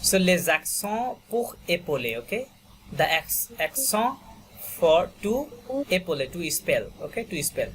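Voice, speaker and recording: Over a video call, a man from Bangladesh teaches an online French class in a high, slightly bright voice with big pitch swings and a slightly slow pace. He is patient, keeps circling back with "okay" and "you know," and repeats each term for his students while a faint hiss sits underneath.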